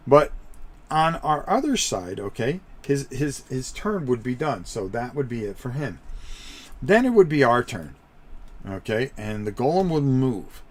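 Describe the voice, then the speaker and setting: Man, middle-aged, casual rules walkthrough, lively up-and-down voice, repeats himself, talks straight to viewers. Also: mid-range voice, unhurried. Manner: rambling, repeats himself, chatty asides to viewers. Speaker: tabletop game host.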